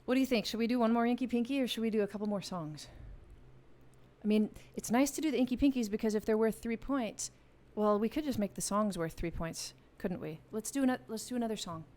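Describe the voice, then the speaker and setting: Fast and fairly high-pitched, with a darkish tone, this woman hosts a live game for her music channel from a home music room. Chatty and playful, she lays out the rules for her viewers through a studio vocal mic.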